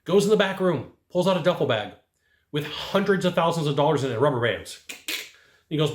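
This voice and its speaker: A man's voice: on the high side, animated, a little fast. A middle-aged man coaching sales staff to camera, talking emphatically in punchy bursts and often tagging his points with "right?". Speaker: HVAC sales trainer. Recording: echoey room.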